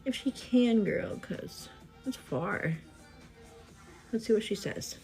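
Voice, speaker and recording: A chatty young woman, pregnant, talks through her morning routine in a relaxed, animated way, peppering everything with fillers. Her voice sits in a middling pitch, recorded on a phone or webcam at home with faint music playing behind her. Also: slow pace. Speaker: vlogger. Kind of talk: casual get-ready-with-me chat. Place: indoors at home, getting ready.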